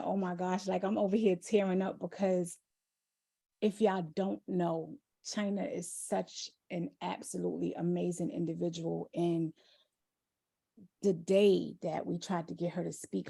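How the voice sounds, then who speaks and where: A woman coach on a video call, praising a group member warmly and with great emotion. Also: on the low side, gravelly, husky, no room sound. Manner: effusive, warm praise, gushing. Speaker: accountability coach.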